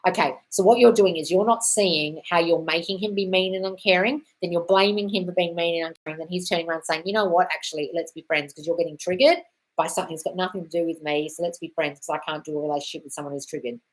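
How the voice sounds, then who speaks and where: A woman's voice: fairly low pitch, fairly even intonation, fast. Blunt, sweary Australian woman on a live stream. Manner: blunt, sweary, calls viewers darling; reads viewer comments aloud. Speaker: manifestation coach answering live chat questions.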